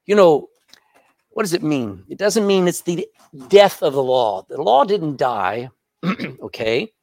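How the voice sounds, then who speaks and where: A man preaching a sermon as pastor, emphatic and animated, often turning to the congregation with questions. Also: fairly high pitch, a little slow, dry recording.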